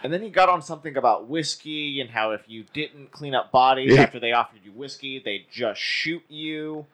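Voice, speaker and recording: A man's voice: mid-range voice, moderate pace, fairly bright tone. A man from the Houston area co-hosting a casual podcast, telling stories with sarcastic, profane asides. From Houston area, Texas. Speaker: podcast co-host. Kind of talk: casual chat.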